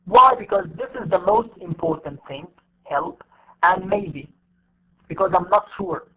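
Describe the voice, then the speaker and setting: A man teaching English word stress in an online class, stretching English examples out slowly and explaining quickly in between. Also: sits high, animated, slight background noise. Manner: switches between slow, drawn-out English demonstrations and rapid Arabic explanation. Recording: tinny phone-like online audio.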